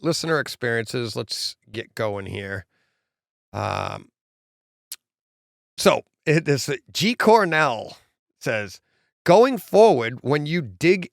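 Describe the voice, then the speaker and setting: Guy cohosting a podcast, gravelly, voice jumps all over, laughs a lot, dry sound. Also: mid-range voice, no echo. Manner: animated storyteller, mimics people, laughs often. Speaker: podcast co-host. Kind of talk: casual chat.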